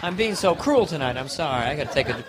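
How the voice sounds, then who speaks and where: A man's voice: on the high side, lively intonation, quick pace, a crowd in the background, background noise. A man doing a live stand-up comedy set on a club stage, playful and self-mocking.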